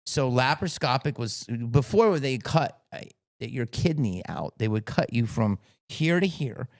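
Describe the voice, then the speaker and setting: Profane, animated man telling stories. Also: medium pitch, measured pace, no room sound, studio quality. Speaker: guest. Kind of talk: casual storytelling interview.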